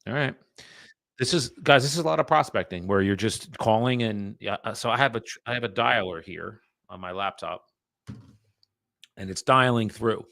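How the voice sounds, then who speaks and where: A low-voiced man talks straight into a close microphone in a dry room, his voice rough with fry. He chats casually and bluntly with his stream audience, dropping the occasional curse. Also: normal speed, bright, forceful tone, no room sound. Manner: blunt, profane, chatty, addresses viewers as guys. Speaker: real estate agent streaming live calls. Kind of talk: casual live-stream chat.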